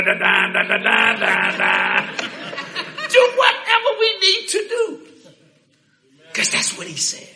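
A man preaching a sermon in a church, shouting, laughing and talking fast in bursts. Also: extremely high pitch. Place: church hall with congregation. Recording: echoey church hall.

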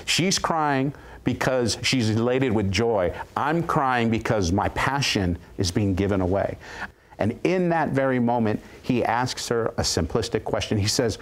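A male guest preacher telling a story of his ministry with animated, dramatic retelling and quoted voices. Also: mid-range voice, measured pace. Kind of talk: storytelling testimony.

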